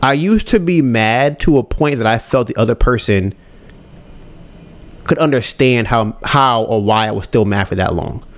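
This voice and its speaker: Candid man musing out loud. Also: medium pitch, normal speed. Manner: candid, rambling, acts out his own inner voice. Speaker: podcast host. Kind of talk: casual solo podcast talk.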